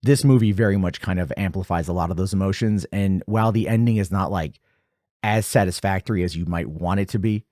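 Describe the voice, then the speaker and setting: A man in his forties hosting a casual film commentary, animated and jumping high in pitch when excited. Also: a little fast, no room sound, studio quality. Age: 40s. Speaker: podcast host.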